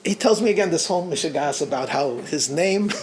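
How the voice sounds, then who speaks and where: A middle-aged man with an American accent, a rabbi telling stories to a gathering in an animated, halting way, with many restarts and chuckles. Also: on the high side. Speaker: rabbi giving a talk. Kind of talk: storytelling talk at a gathering.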